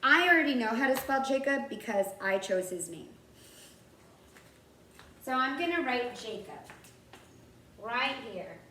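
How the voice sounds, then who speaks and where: A woman's voice: a little high, animated, a little slow, pauses often, bright, forceful tone, slight background noise. A woman kindergarten teacher giving a writing lesson to young children, patiently sounding out words. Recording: roomy, from far off the mic, faint background ambience.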